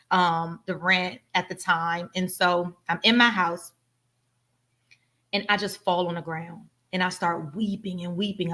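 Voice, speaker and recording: A woman's voice: lowish voice, a bit bright. A woman hosting a live coaching session, speaking emphatically and repeating phrases for effect. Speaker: life coach and host. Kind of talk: motivational live talk to an audience.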